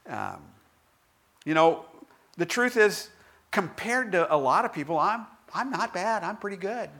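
A man giving a conversational devotional talk in a candid, self-deprecating storytelling manner, with halting restarts. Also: high-pitched, very animated, creaky, bright, forceful tone. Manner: halting restarts and filler words.

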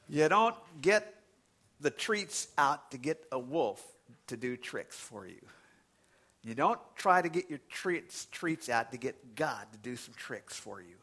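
A male pastor telling a lively story in a sermon, often laughing and jumping up in pitch, then praying in a quiet low voice. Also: slow pace, breathy edge. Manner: animated storytelling, laughing, voice leaping up on quoted lines.

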